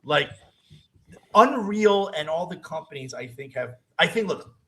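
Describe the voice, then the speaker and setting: A man guesting on a wrestling talk show, telling stories in a casual, animated way and laughing often between lines. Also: a little high, unhurried, rough recording. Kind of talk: casual storytelling chat.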